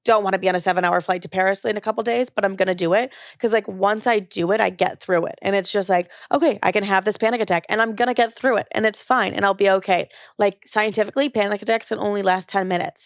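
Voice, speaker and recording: A woman's voice: medium pitch, no echo. Young woman, podcast host, casual monologue, blunt and candid, lots of cursing, chatty fillers, dry close sound. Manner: candid and blunt, swears freely.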